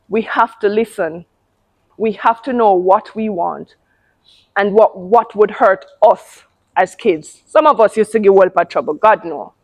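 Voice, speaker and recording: A woman's voice: medium pitch, muffled recording. A woman hosting a casual talk on parenting, speaking emphatically and often repeating words. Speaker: parenting channel host.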